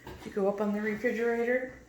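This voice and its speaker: A woman training her pet bird at home, talking to it in coaxing sing-song baby talk with sudden high squeaks. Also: level tone, fast, darkish tone. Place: room at home. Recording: echoey home room, faint noise.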